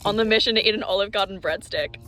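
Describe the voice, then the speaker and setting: A woman with an Australian accent filming herself on a phone at a convention, chatty and excitable, swearing casually. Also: medium pitch, fast talker. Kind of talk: handheld vlog clips. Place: busy convention hall and lounge, indoors. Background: loud music.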